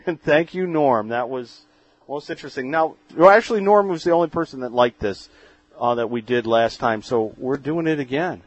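A man's voice: medium pitch, lively intonation, normal speed. Jokey male podcast host. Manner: jokey, chatty, easily amused. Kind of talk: casual podcast chat. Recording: dull lo-fi podcast audio.

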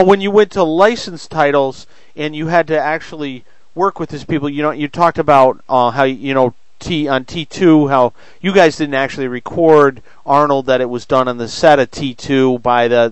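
A man with a fairly high voice hosts a podcast, putting curious questions casually. His sound is close and dry, with no room echo. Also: moderate pace, hardly any pauses, clean tone. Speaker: podcast host.

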